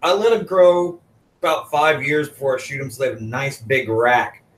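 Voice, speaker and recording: A man's voice: medium pitch, steady tone, moderate pace. A man in a casual podcast chat, making dry, laid-back jokes.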